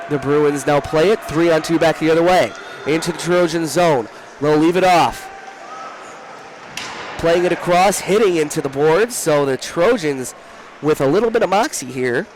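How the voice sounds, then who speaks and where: A young man calling a hockey game from a rink booth, talking fast, shouting during rushes and often correcting himself. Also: fairly high pitch, slight background noise. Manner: rapid, rising to shouts during rushes, with frequent self-corrections. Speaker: play-by-play commentator. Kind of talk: live hockey play-by-play commentary. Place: broadcast booth at an ice rink.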